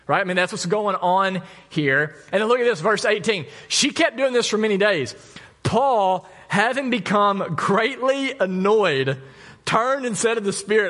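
A male pastor preaching a sermon, telling a story with lively asides and jokes. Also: fairly high pitch, normal speed. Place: church.

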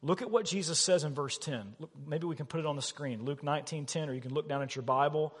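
A man preaching a sermon as pastor, animated and emphatic, asking his listeners questions. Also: fairly high pitch, quick pace, husky. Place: church sanctuary. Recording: long reverb of a church hall.

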